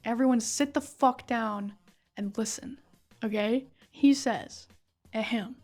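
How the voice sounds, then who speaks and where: A young woman with a slightly high voice retells a game story in casual, excited chat. She swears freely and slips into quick impressions of the characters. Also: faint music behind. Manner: excited, swears a lot, acts out quotes. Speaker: story recap vlogger.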